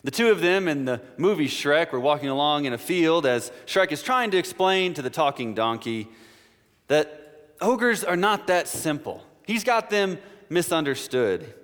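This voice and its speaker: A male pastor with a somewhat high voice delivers a sermon in a church. His words trail off into a long reverb. He keeps it conversational and slips in playful asides. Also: animated, moderate pace, a bit bright. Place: church sanctuary.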